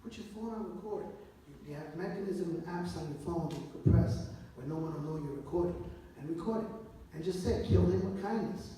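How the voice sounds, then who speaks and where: A man's voice: on the high side, fast, warm tone. A veteran man on a live panel, giving firm, emphatic advice. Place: event hall. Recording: echoey hall, distant mic, faint hiss.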